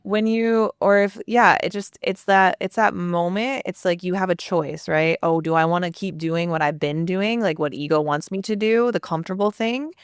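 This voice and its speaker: A woman coach calmly guiding a tapping exercise with encouraging instructions. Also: on the low side, normal speed, hardly any pauses, clean tone, no echo, clean studio sound. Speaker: subconscious transformation coach.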